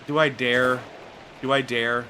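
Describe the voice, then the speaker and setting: Bright-voiced man streaming a game. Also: mid-range voice, flat delivery, measured pace, a little hiss or hum. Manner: joking, swearing, muttering to himself. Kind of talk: live gameplay commentary.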